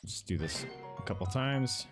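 A man's voice: fairly low pitch, animated, normal speed, over music. A young man hosting casual let's-play commentary, goofy and self-deprecating. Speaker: gaming channel host.

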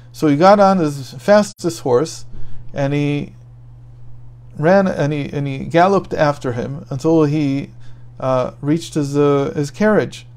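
A man's voice: fairly high pitch, a little mellow. A man telling a story in a daily Torah lesson, thinking aloud and restarting his phrases as he goes. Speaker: Torah teacher.

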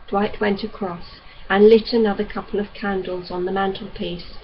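A woman reads a novel aloud in an even, unhurried manner, her voice sitting in the middle of the range. The recording sounds dull and lo-fi, with a faint hiss underneath. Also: medium pitch. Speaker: audiobook reader.

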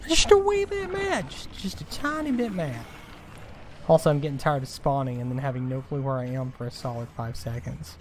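A man's voice: mid-range voice, animated, fairly quick, a little mellow, slight background noise. A man playing a horror video game and commenting, growing exasperated and swearing over and over at how confusing it is. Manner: exasperated, swearing, rhetorical complaints. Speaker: gaming video host. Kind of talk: frustrated let's play commentary.

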